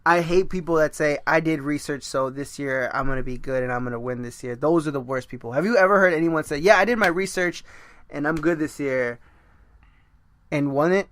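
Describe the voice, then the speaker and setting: A man's voice: on the high side, brisk, a bit bright, no room sound. A man hosting a casual podcast chat, rambling and joking at his own expense. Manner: rambling, joking and self-mocking. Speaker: podcast host.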